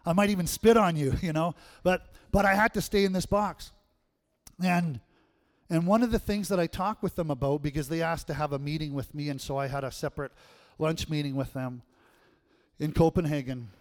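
A man preaching with animated energy, his voice a little higher than most men's. He swings between loud punchy bursts and quiet asides, laughing as he tells stories. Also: moderate pace. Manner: animated storytelling, laughs often. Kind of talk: sermon.

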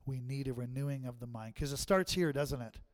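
A man's voice: medium pitch, brisk. A man preaching a sermon in a church, talking in a conversational way and often checking in with the congregation, then leading a closing prayer. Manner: conversational, keeps asking the crowd "right?".

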